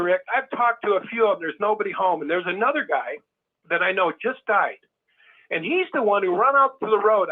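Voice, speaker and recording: High-voiced man on a tinny phone line. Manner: emphatic, repeats himself, acts out quoted people. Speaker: caller. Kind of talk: animated phone-in chat.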